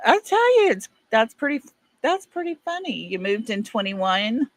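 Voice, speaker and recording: Hosting a livestream, this middle-aged East Texas woman reads viewer comments in a folksy, casual chat and laughs a lot. Her voice is a little high and sing-song, a little slow, in a dry recording.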